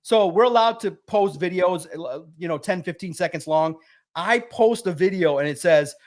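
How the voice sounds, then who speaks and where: A high-energy man, a sports writer guest, telling a lively story and acting out the voices in it. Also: moderate pace. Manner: high-energy, acts out quotes loudly. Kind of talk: animated storytelling.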